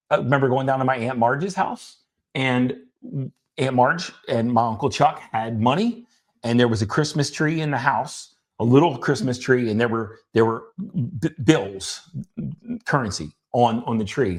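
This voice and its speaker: A middle-aged man co-hosting a talk, telling his childhood story in a halting way with many restarts, at times emotional. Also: mid-range voice, darkish tone, husky. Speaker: podcast co-host. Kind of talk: personal storytelling conversation.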